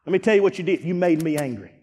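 A man pastor preaching a sermon, dropping to low asides and rising to shouts, acting out church members. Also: expressive, very fast, husky. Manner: acts out church members in quoted voices. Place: church sanctuary. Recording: long hall reverb.

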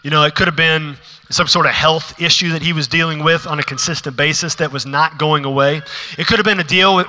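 A man preaching a sermon to a congregation in a church, shifting between hushed, intimate asides and rising, emphatic passages. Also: fairly high pitch. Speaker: pastor. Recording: long reverb of a large hall.

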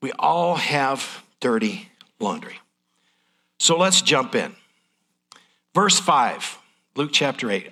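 A man's voice: mid-range voice, big pitch swings, slow, pauses often, sharp tone. A middle-aged man preaching a sermon in a folksy, candid, emotional way. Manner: folksy, transparent, emotional delivery.

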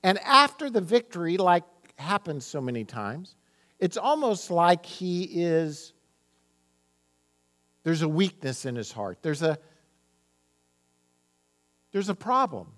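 A man's voice: high voice, sing-song, slow pace, long pauses, fairly bright tone, soft background music. A man preaching a sermon, reading scripture dramatically and speaking animatedly to his congregation. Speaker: pastor.

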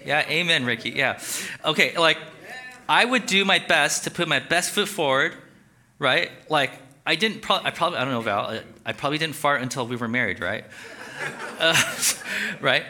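A male pastor giving a conversational, animated sermon and asking the audience questions. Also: fairly high pitch, normal speed.

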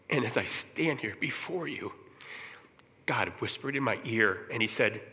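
Middle-aged man, church testimony, keeps clearing his throat, bright forceful voice, long hall reverb. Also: medium pitch, expressive, unhurried. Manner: earnest, candid storytelling. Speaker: church speaker giving testimony. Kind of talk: personal testimony talk.

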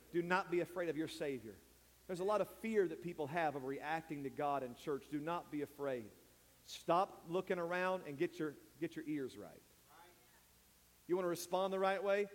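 A man preaching an impassioned sermon in church, building to shouts, and calling people forward. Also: on the high side, in a large hall. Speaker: pastor. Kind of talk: sermon with altar call. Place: church sanctuary.

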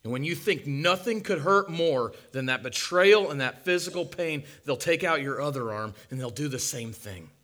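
A man preaching a sermon as a dramatic monologue, impassioned and swinging from loud to hushed. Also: fairly high pitch, lively intonation, moderate pace, hardly any pauses.

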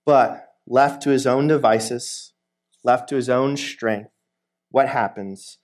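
A man's voice: mid-range voice, steady tone, slow pace, darkish tone. A man, a guest preacher, giving a sermon in a conversational way, reading a scripture passage and retelling its scenes as he takes on the voices of the people in them. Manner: conversational, asks the listeners questions.

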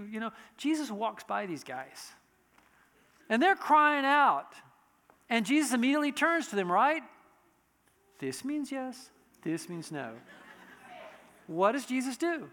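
Man, pastor, sermon, very high voice, conversational with restarts, bright tone. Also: in a large hall. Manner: conversational preaching with frequent restarts and asides.

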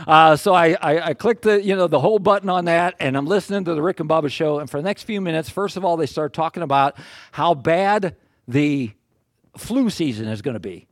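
An older man preaching, telling a personal story in a folksy, self-deprecating, animated way. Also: a little high, brisk, no echo, studio quality. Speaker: pastor. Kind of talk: storytelling sermon.

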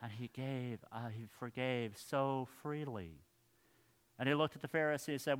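A male pastor preaching a sermon in a church, earnest, his phrases trailing off softly at the ends. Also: mid-range voice, normal speed, clear, resonant tone.

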